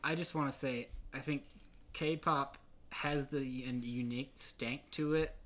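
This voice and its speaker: Young male podcast co-host, loose, rambly, swears a lot, laughs easily, mid-pitched voice. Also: fairly even intonation, unhurried, a bit bright. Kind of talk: casual chat.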